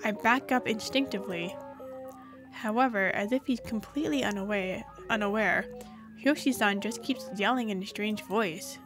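A woman's voice: mid-range voice, moderate pace, music in the background. Woman reading a story game aloud. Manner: storybook narration with asides. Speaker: gaming channel host.

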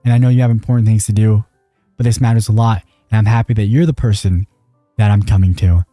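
A young man, a gaming host, talking his way through a voice-chat game in a playful, smooth-talking, jokey manner. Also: fairly low pitch, fairly even intonation, fast, dark tone, dry recording, studio quality, soft background music. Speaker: gaming YouTuber. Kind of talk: playing a voice-chat game on camera.

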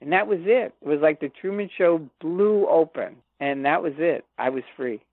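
Older female guest, lively storyteller who acts out quotes; tinny, dry phone audio. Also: deep voice, moderate pace, no room sound. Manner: animated, acts out quoted dialogue. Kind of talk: personal storytelling in an interview.

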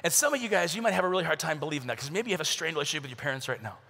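A man with a high, bright voice tells stories to a youth conference, jumping from shouted impressions to hushed asides. His voice has a gravelly edge, and it rings out with the long reverb of a large arena. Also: rapid-fire. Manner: animated storytelling, acts out voices with shouts and whispers. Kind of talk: humorous youth talk.

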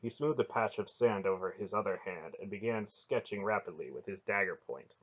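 A man reading a fantasy novel aloud as an audiobook, in steady, plain narration. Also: lowish voice, moderate pace, muffled recording. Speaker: audiobook reader.

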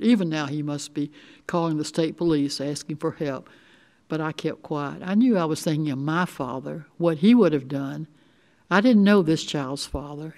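An older woman reading a short story aloud in the first person, with steady, measured storytelling. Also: low voice. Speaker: resident reader.

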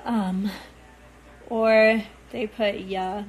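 A woman's voice: medium pitch, fairly even intonation, drawn-out words, low-quality recording. A young woman chatting casually with viewers, loose and rambling with frequent ums, sounding tired. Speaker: reality show cast member talking to viewers.

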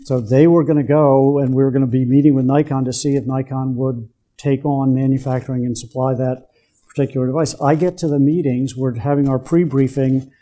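An older man lectures in a very dark, mellow voice. He tells stories from his career in an easy way and stops to put questions to the room. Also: medium pitch, little pitch movement, brisk. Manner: anecdotal, quizzes the audience. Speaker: guest speaker, business executive. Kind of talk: storytelling lecture to students.

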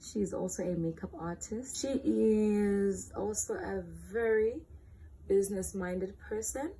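Young woman, late teens, South African accent, slow and drawn-out, creaky fry, candid chatty vlogger. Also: medium pitch, dark tone, a little hiss or hum. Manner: candid, chatty, playful, self-teasing. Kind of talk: casual Q&A vlog.

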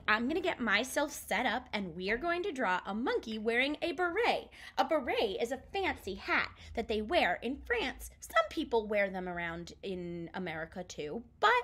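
A woman's voice: a little high, breathy edge. A woman art teacher reading a picture book aloud, then starting a drawing lesson. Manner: expressive, sing-song storytelling.

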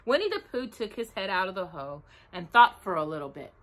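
A woman reading a children's storybook aloud in a slow, expressive manner. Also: on the low side.

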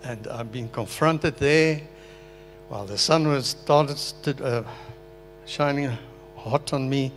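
A man's voice: medium pitch, slow pace, long pauses, faint music behind. An older man from Africa, an earnest, emotional pastor sharing his personal testimony in a sermon. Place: meeting hall.

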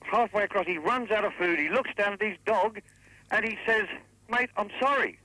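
A man's voice: high-pitched, a little fast, pushed and bright, dry recording. A man with an Australian accent calling into a radio show over the phone and telling a joke in a chatty way. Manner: chatty, laughing at his own joke. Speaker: caller. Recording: telephone line.

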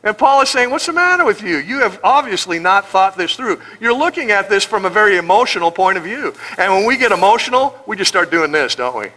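Man, middle-aged, pastor, sermon, high voice, animated and joking, acts out quotes. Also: brisk, hardly any pauses.

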